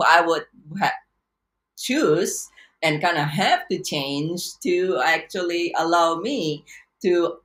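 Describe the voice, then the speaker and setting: Woman coach talking to camera, kinda low voice, earnest, stops and restarts a lot. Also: a bit bright. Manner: earnest, reflective, halting with many restarts. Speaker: life and business coach. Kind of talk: personal storytelling to camera.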